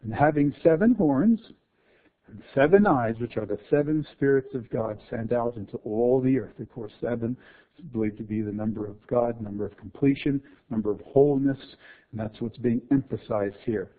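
Over tinny, phone-like audio, a medium-pitched man delivers an expository sermon a little fast, alternating hushed explanation with fervent emphasis.

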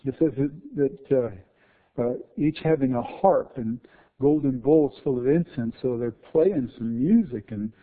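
A man preaching an expository sermon, swinging between hushed explanation and fervent emphasis, over a tinny, phone-like sound. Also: medium pitch, a little slow.

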